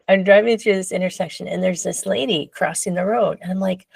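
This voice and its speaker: A woman guest telling a personal story in a casual interview, animated and laughing often, acting out her own past voice. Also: fairly low pitch, brisk, creaky, hardly any pauses, husky, dry recording.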